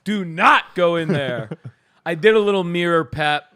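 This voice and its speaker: A man's voice: high voice, moderate pace, clear, resonant tone, dry recording. A man co-hosting a comedy podcast, telling a story in casual chat and acting out what he said. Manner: animated, acts out his own quoted lines. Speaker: podcast co-host.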